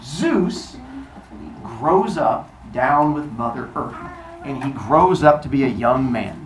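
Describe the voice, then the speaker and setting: A man telling a myth to a class in an animated, jokey way, quizzing his listeners. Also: medium pitch, slow, distant mic, noisy background. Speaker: storytelling teacher. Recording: echoey room.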